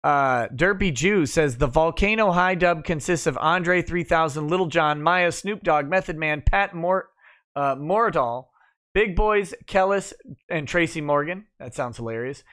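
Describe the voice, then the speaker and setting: Brief: male stream host, casual and profane, reads chat messages in a flat run, a touch higher voice. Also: a little slow. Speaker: livestream host. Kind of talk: casual chat, reading viewer comments aloud.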